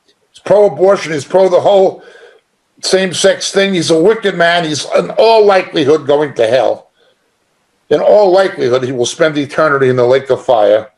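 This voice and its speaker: A man's voice: on the high side, expressive, normal speed, darkish tone. A middle-aged man teaching an informal sermon in a conversational, emphatic way, chuckling now and then. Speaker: Bible teacher.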